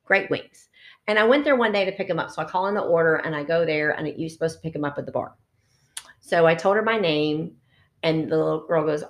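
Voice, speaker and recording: A woman's voice: on the low side, brisk. A middle-aged woman, a lactation consultant co-hosting a podcast, telling stories in casual chat and acting out the people she quotes. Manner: animated storyteller acting out quoted voices.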